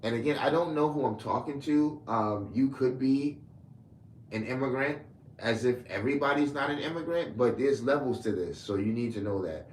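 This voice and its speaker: A man's voice: medium pitch, moderate pace, slight background noise. A man from Brooklyn, delivering a combative, heated rant back at his commenters. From Brooklyn, New York. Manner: confrontational, heated, repetitive. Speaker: online commentator. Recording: echoey room with faint ambience.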